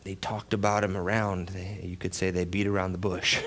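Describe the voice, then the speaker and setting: A male pastor preaching a sermon with dramatic storytelling, dropping to a hush and then rising loud for emphasis. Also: deep voice, little pitch movement, normal speed, slight background noise. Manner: dramatic storytelling, swings between hushed and loud.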